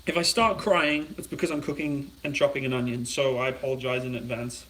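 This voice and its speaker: A man's voice: mid-range voice, steady tone, a little fast, distant mic, very noisy. Chatty British man in an echoey kitchen. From Britain. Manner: rambling, chatty, reads viewer comments aloud. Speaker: cooking livestreamer. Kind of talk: casual livestream chat while cooking. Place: home kitchen.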